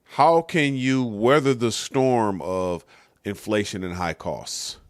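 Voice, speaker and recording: A man hosting his own show in a loose, conversational monologue. He often checks in with the listener as he talks. His voice sits on the low side, and the sound is dry and close. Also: slow, no echo. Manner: conversational, says "you know what I'm saying". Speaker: host. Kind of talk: casual monologue.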